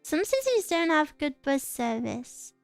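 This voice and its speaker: A woman's voice: high-pitched, measured pace, no room sound, faint music behind. A young woman from England chatting casually as a streamer, rambling and giggling as she tells stories. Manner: giggly, rambling, animated storytelling. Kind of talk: casual chat reading viewer comments.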